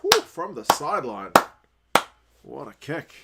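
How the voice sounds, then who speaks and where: A man's voice: on the high side, unhurried, creaky, heavy background noise. Chatty New Zealand man hosting a watchalong. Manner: chatty, reads viewer comments, bursts of excitement at plays. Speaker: livestream host. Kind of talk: casual watchalong chat.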